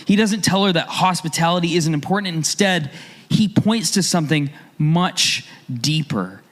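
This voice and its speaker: A man's voice: on the high side, expressive, normal speed. A man preaching a sermon as a pastor, talking in a conversational way and asking his listeners rhetorical questions.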